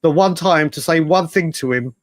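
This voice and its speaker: A man co-hosting a podcast, telling stories in an animated, rambling casual chat with many restarts. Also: on the high side, normal speed, no echo. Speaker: podcast co-host.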